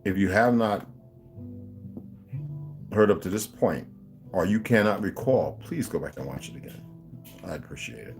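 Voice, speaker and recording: A man hosting a casual stream from home, talking straight to his viewers in a loose, profane, animated way before reading a book aloud. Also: medium pitch. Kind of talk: casual livestream chat. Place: home room.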